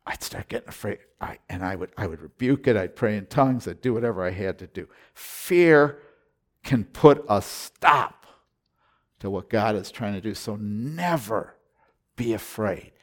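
In an animated, lowish voice, a male pastor preaches, relating a personal story and spurring on his congregation. He alternates between hushed, slow lines and loud, emphatic declarations.

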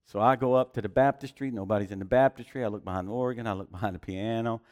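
A man's voice: on the low side, quick pace, darkish tone, lo-fi sound. A man preaching a sermon with emphasis, mixing scripture with personal testimony and rhetorical questions.

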